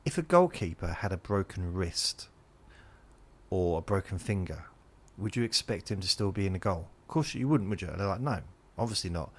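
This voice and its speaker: A man's voice: sits low, expressive, normal speed. A man hosts a podcast, rambling through a monologue meant to lull listeners to sleep and interrupting himself as he drifts between points. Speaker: podcast host.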